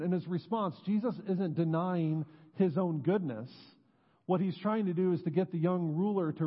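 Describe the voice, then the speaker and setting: Here a pastor preaches inside a church sanctuary, sincere in tone and sinking low and slow whenever he hits key words. Long church reverb and a muffled quality color the audio.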